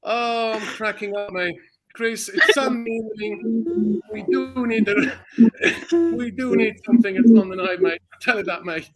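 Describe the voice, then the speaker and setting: A man's voice: extremely high pitch, expressive, unhurried, a crowd in the background. A male football fan chatting as a podcast guest over a video call from home, laughing constantly and calling everyone "mate". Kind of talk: casual chat. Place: at home, wife nearby.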